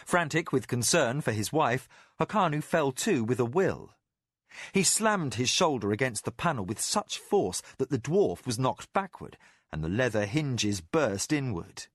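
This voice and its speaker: A man narrating a fantasy audiobook in a measured, expressive storytelling voice. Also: medium pitch, no room sound, clean studio sound. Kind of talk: scripted narration.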